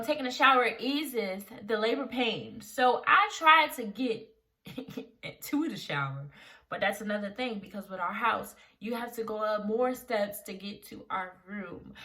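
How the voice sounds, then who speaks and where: A young woman vlogger telling a story in casual chat, animated and laughing often as she acts out the people in it. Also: on the high side.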